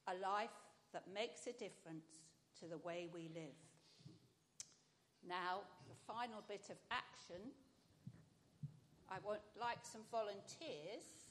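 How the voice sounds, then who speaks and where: Woman preacher, middle pitch, with a faint noisy background, drawing the congregation and its children into the sermon. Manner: talks directly with the congregation, asking children questions. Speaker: preacher at an all-age church service. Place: church.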